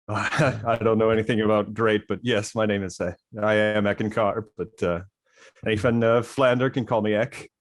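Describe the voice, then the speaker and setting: A man's voice: lowish voice, steady tone, normal speed. A man playing at a tabletop game, speaking hesitantly with lots of fillers. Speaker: player. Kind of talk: casual tabletop play.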